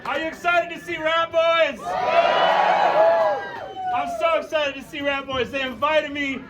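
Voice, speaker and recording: Man emceeing a club gig, high strained voice, slow shouted delivery, roomy distant sound, loud cheering crowd. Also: little pitch movement, heavy background noise. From Chicago, Illinois. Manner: rousing, profane, joking, talks without a microphone. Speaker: emcee and opening musician. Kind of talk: shouted crowd address at a live show. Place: music club stage, indoors.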